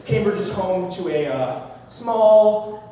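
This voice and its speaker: A man's voice: sits high, lively intonation, takes it slowly, heavy background noise. Theatrical young man telling a comic tale. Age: young adult. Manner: theatrical, mock-grand, with sudden shouts. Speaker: narrator of an a cappella comedy skit. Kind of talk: comic storytelling to a live audience. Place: performance hall. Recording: roomy hall from far off, crowd.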